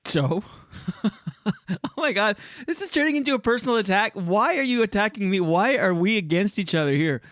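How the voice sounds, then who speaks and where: A man in a casual podcast argument who is blunt and sarcastic and keeps cutting in. His voice sits somewhat high for a man. The sound is close and dry, with no room to it. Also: lively intonation, normal speed, fairly bright tone, no room sound. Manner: blunt, sarcastic, talks over his partner. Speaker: podcast co-host. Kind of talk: casual arguing chat.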